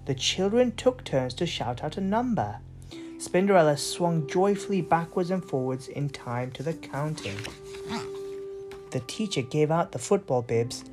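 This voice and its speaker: A woman reads a bedtime story aloud to a child with an expressive, low voice that rises and falls a lot. She pauses for gentle asides. Soft music plays faintly in the background. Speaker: parent reading to a child.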